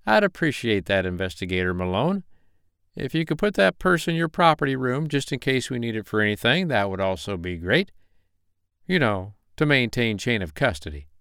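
Give me a man playing a crooked city detective, guarded and curt, with a crisp, dry storybook sound. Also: medium pitch, very animated, normal speed, a bit bright, no room sound. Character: corrupt scheming male big-city detective.

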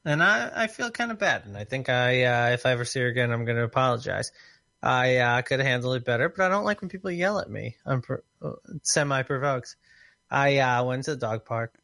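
A man chatting casually on a podcast, telling an animated, joking story. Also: mid-range voice, brisk, gravelly, no echo, clean studio sound.

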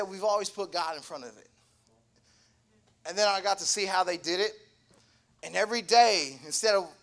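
A young man giving a sermon, humorous and animated, acting out little voices in his asides. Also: high-pitched. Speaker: preacher.

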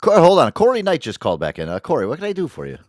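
Animated, foul-mouthed male host. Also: fairly high pitch, racing, no room sound, clean studio sound. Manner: animated, profane, jokey. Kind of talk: casual podcast banter.

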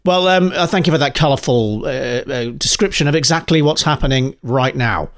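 A man hosting a call-in radio show in a steady mid-range voice. He talks in hesitant stops and starts, with plenty of ums. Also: medium pitch, brisk. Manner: hesitant, with many ums and ahs. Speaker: radio host.

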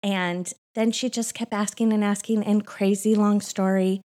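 A woman's voice: medium pitch, level tone, moderate pace, a little mellow. A middle-aged woman, a co-pastor, telling a family story in a casual interview, laughing often and acting out the voices she quotes. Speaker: co-pastor and podcast guest. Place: Austin church setting. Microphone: microphone on her.

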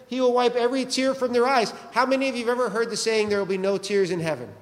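A man's voice: very high-pitched, fairly even intonation, quick pace, big-room sound. A man preaching a sermon as pastor, conversational and joking, asking the congregation questions.

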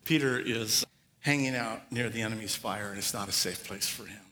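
A man preaching a sermon, telling the story with lively acted-out asides. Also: lowish voice, normal speed, long reverb tail. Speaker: pastor.

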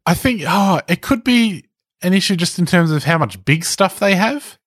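Higher-voiced wry storytelling man, dry. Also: expressive, normal speed, fairly bright tone, breathy edge, no echo. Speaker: podcast co-host. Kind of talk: casual chat.

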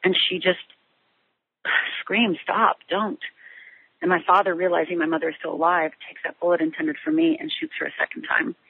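A middle-aged woman being interviewed, telling her personal story in a halting way with many restarts and fillers. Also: on the low side, sing-song, gravelly, husky. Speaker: guest. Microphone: phone line. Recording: tinny phone line.

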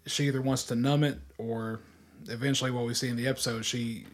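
Halting man co-hosting a podcast. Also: mid-range voice, fairly even intonation. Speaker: podcast co-host. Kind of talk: casual discussion podcast.

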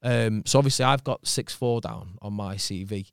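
A man's voice: lowish voice, moderate pace, gravelly, clean tone, no echo, studio quality. A man, an actor guest telling stories in a casual podcast chat, swearing casually. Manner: chatty storyteller, swears casually.

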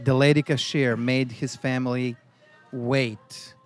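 A man's voice: medium pitch, little pitch movement, slow. A man in a restaurant chatting about tacos and reading a review aloud in an earnest, storytelling way. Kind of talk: casual food-review chat. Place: taco restaurant with music playing.

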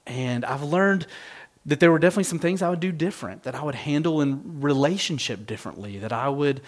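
A man's voice: a little high, a little fast. A middle-aged man, a pastor, giving a sermon in an earnest, reflective, conversational way.

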